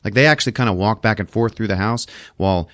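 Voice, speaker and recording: A man hosting a podcast, recapping a film in a casual, profane, animated storytelling manner. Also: lowish voice, fast talker, no room sound, clean studio sound. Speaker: podcast host.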